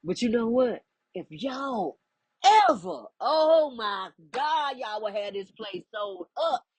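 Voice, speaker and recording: A woman's voice: a little high, very animated, slow, poor audio. A woman, speaking as a spiritual life coach in an emphatic, preachy monologue. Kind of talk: direct-to-camera monologue.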